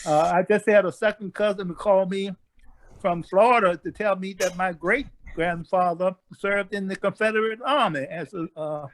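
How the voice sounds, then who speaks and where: A man's voice: high voice, moderate pace. An older man on a video call, rambling and hesitant as he tells family stories, laughing along. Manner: rambling, hesitant storyteller who laughs at his own tale. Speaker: family member. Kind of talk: casual family chat.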